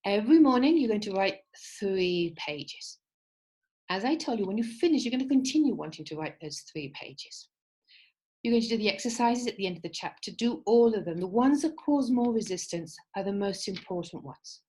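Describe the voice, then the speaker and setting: A woman's voice: medium pitch, expressive, normal speed, darkish tone, poor audio. A woman teaching an online creativity workshop, giving instructions in an encouraging way and checking in with her listeners. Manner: encouraging, repeats "okay?" to check in; acts out quoted voices while telling a fable.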